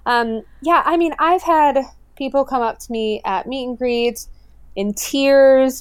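A woman chats in a casual interview, earnest and eager, circling back with "you know" and restarts. Her voice is clear and smooth. It sits close and dry on the mic, with little room sound. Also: mid-range voice, a little mellow, no room sound. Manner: earnest, enthusiastic, with frequent fillers and restarts. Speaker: guest, owner of a popular pet account.

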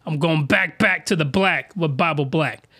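Here a man's fairly high voice sounds pushed and bright at a moderate pace. Hosting a comic-review podcast, he delivers a crude, jokey, rambling monologue, frequently breaking off mid-sentence.

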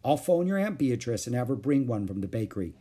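Man reading aloud, doing a weary mom, calm but firm, husky voice, moves around a lot. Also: medium pitch, fast talker. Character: tired, patient mother of two girls.

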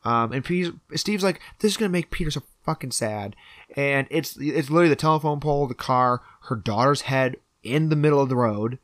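A man talking through a movie plot in a loose, conversational way. His voice sits at an ordinary pitch and sounds close and dry, with little room around it. He swears casually and slips into quick snatches of the characters' lines. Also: no echo. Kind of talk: casual film recap chat.

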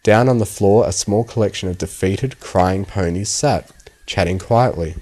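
A man narrating a fan story aloud with a steady, scripted storytelling read. His voice sits low for a man. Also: moderate pace. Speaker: audiobook narrator.

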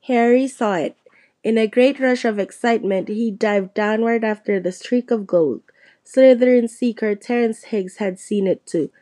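A woman narrating a storybook, reading it aloud and lifting her voice for the characters' lines. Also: moderate pace. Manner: lively, shifts pitch for quoted characters. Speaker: audiobook reader.

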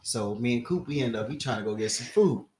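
Animated young man telling a story, echoey room. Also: mid-range voice, brisk, slight background noise. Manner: animated, acts out quoted voices loudly. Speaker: podcast co-host. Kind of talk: casual storytelling chat.

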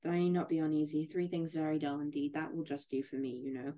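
A podcast host reading aloud as an old spinster who chatters in a rushed, fretful, self-deprecating way. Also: medium pitch, fairly even intonation, warm tone, natural voice. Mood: flustered. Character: chattering old spinster Miss Bates, anxious to please.

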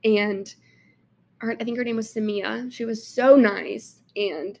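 A woman's voice: on the high side, fairly even intonation, slow, gravelly, a little mellow. A young woman from Alabama with a Southern accent, chatting casually to camera and filling her talk with "like". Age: young adult. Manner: chatty, lots of "like" fillers. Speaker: intern vlogger.

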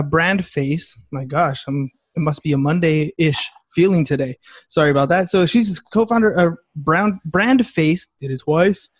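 A man hosting a podcast, introducing guests in a halting way with many fillers and self-corrections. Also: a little high, no room sound, clean studio sound. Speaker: podcast host.

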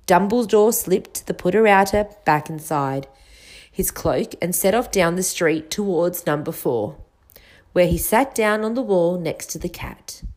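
Woman reading a kids' fantasy book out loud, lots of ups and downs in her voice. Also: measured pace. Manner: expressive reading with lively pitch. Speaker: audiobook reader. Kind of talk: storybook narration.

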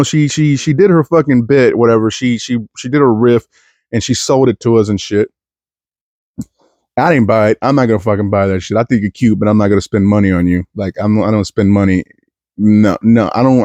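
A man's voice: mid-range voice, darkish tone, no echo. A young man from East Texas talking into a podcast mic in a crude, self-mocking monologue full of stumbling restarts. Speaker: podcast host. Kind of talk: rambling comedic monologue.

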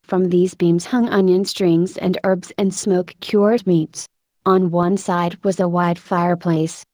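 A woman narrates a story with a steady, even delivery. Her voice is low and mellow. The sound is dry and close to the mic. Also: a little slow, no room sound. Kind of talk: audiobook narration.

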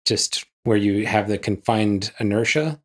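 A man's voice: on the low side, unhurried. A man co-hosting a podcast, chatting casually with frequent "like" and "yeah" and jokey asides. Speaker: podcast co-host. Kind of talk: casual chat.

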